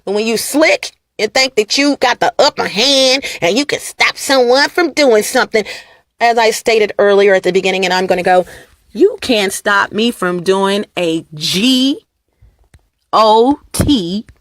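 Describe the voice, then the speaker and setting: A woman vlogger talking straight to her viewers in a casual rant, mocking and animated, laughing and repeating lines for emphasis. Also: medium pitch, unhurried, no room sound, clean studio sound. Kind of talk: casual ranting monologue to camera.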